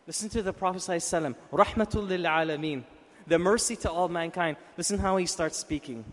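A man preaching, telling a story with animated questions to his audience. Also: high-pitched, quick pace. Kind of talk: storytelling sermon. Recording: long reverb in a hall.

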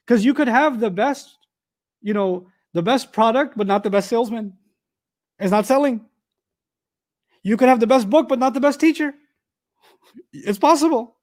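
A man giving an animated, conversational Quran commentary lesson, his voice climbing sharply when he drives a point home. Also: very high voice. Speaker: Quran teacher.

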